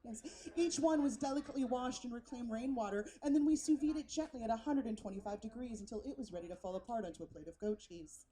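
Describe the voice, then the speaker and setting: A woman's voice: a little high, quick pace, few pauses, mellow, close to an everyday voice, poor audio. Woman doing a fussy hipster waiter man. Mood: earnest. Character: fussy hipster male waiter, precious and earnest.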